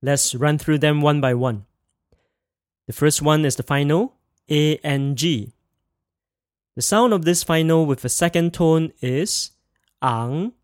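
A man leads a pronunciation lesson at a very unhurried pace and models each sound with care so the listener can repeat it. His voice sits a little high for a man, and the recording is close and dry. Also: dry recording. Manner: slow, careful modelling of sounds for repetition. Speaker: language teacher.

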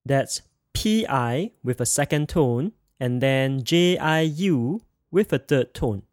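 A man teaching a pronunciation lesson, spelling sounds out and having the listener repeat each word after him with slow, careful enunciation. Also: medium pitch, expressive, darkish tone, no echo, clean studio sound. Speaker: language teacher.

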